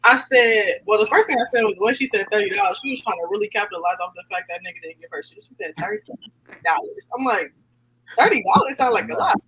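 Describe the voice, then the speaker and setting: A woman co-hosting a casual podcast chat and giving animated, blunt opinions. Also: medium pitch, quick pace, breathy edge, low-quality recording. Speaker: podcast co-host.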